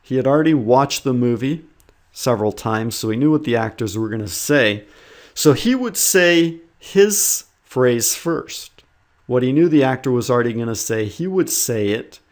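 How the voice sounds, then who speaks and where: A male English teacher talks straight to his students in a patient, encouraging tone. He lays out each step of pronunciation practice one at a time. His voice sits at an everyday middle pitch. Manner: earnest and encouraging, explains step by step. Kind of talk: instructional talk to learners.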